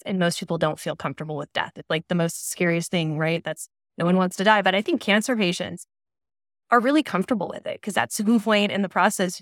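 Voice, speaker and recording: Woman with a slightly low voice, chatty and thoughtful, says like a lot, dry close mic. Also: dry recording. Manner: reflective, frequent "like" fillers. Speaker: podcast guest, cancer survivor. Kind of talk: casual conversation.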